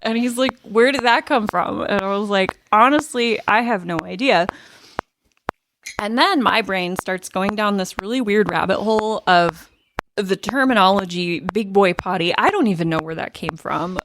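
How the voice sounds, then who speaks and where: A woman's voice: medium pitch, normal speed, noisy background. A woman co-hosting a podcast, telling a funny story in casual chat and often laughing through her words. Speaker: podcast co-host.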